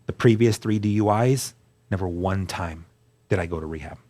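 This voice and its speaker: A man's voice: sits low, normal speed, warm tone. A man giving an earnest personal testimony in a casual interview, acting out other people's words and often restarting his sentences. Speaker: interview guest.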